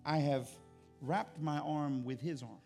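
A man's voice: on the high side, fairly even intonation, slow, gravelly, a little mellow, faint music behind. A middle-aged man, a pastor, preaching a sermon with earnest storytelling that rises to impassioned intensity.

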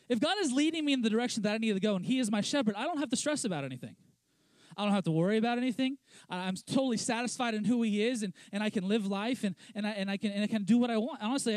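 A young man, a pastor, preaching a conversational sermon with many restarts, dropping into a lower, quieter voice for quoted lines. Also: no echo. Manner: conversational, lots of restarts and "let's be honest" asides.

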